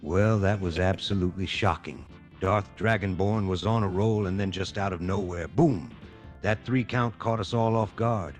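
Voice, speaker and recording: A man's voice: sits low, normal speed. A man doing wrestling color commentary as a co-commentator, cheesy and upbeat, full of folksy stock phrases. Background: music.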